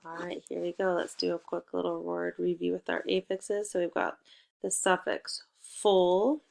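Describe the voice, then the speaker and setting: A woman whose lowish, gravelly voice barely moves in pitch teaches phonics to young children on a recording. Slowly spelling out letters, she leads them in a playful call-and-response.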